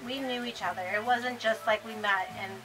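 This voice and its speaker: Female co-host, chatty and animated, slightly high voice, stammers, music bed under her. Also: a little fast, low-quality recording. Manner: animated storyteller, stammers and laughs often. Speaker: co-host of a spiritual shop channel. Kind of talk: casual chat.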